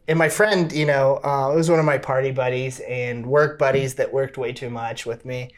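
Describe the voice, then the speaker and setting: A podcast co-host telling a lively personal story, laughing often and acting out the people in it. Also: male voice, medium pitch, moderate pace, hardly any pauses. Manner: laughs often, acts out quoted voices. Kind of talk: animated storytelling.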